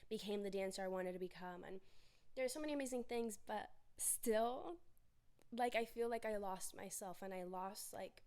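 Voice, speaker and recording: A woman's voice: mid-range voice, moderate pace, darkish tone. Young woman doing a chill solo podcast, chatty, laughs a lot, acts out her own thoughts. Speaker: podcast host. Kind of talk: casual solo podcast chat.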